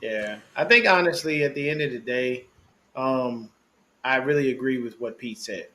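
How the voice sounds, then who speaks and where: A man co-hosting a casual sports podcast, chatting in an animated, slangy way and laughing often. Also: mid-range voice, moderate pace. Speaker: podcast co-host.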